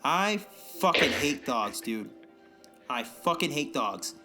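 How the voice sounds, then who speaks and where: A man's voice: medium pitch, expressive, takes it slowly, bright, forceful tone, soft background music. A young man co-hosting a podcast, ranting casually with lots of swearing and mocking impressions of other people. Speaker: podcast co-host. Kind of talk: casual profane rant.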